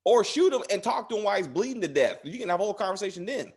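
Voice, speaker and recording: A man co-hosting a casual TV recap chat, acting out character lines in an animated way. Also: sits high, very fast, slightly rough. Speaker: podcast co-host.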